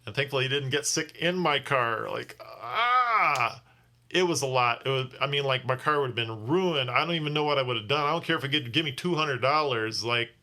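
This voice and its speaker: A man's voice: mid-range voice, fast talker, few pauses, sharp tone. A tired man telling a casual vlog story as a rideshare driver, rambling and often restarting his sentences. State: tired from little sleep.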